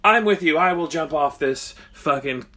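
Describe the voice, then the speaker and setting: A man's voice: fairly high pitch, normal speed, bright, forceful tone, pitched above the performer's own voice. A man doing an exasperated cursing Polish worker. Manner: cursing, exclamatory.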